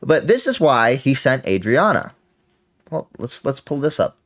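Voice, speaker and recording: A man's voice: mid-range voice, big pitch swings, a little slow, a bit bright. A man hosting a reaction stream, giving casual, profane commentary that rambles and corrects itself.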